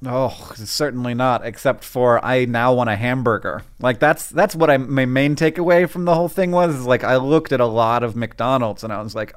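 A man in his forties co-hosts a podcast in a loose, playful chat. He jokes through silly mock sponsor reads, and his voice jumps up in pitch when he wants emphasis. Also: animated, a little fast, hardly any pauses, smooth. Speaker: podcast co-host.

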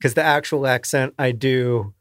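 A man's voice: medium pitch, normal speed, a bit bright, dry recording. A man with a Southern accent co-hosting a podcast, making dry jokes in casual chat. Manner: dry, joking. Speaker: podcast co-host.

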